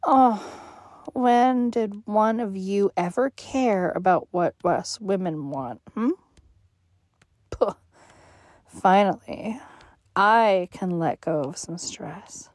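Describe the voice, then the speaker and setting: A woman voicing a cruel, contemptuous, domineering young woman in an audio role-play, with heavy sighs and hushed asides. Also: mid-range voice, slow pace, pauses often, dry recording, clean studio sound. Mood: scornful.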